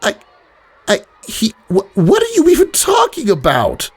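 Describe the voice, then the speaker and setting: A man voicing an anxious, prickly young filly pony in a fan audiobook, pushing his voice high and squeaky with a defensive edge. His voice carries a roomy reverb. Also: very animated, brisk, darkish tone. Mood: flustered.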